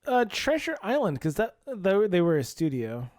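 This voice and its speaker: Podcast cohost guy, medium voice, really expressive, storytelling and acting out his reactions. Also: high-pitched, normal speed. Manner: animated storyteller, acts out his own reactions. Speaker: podcast co-host. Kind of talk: casual chat.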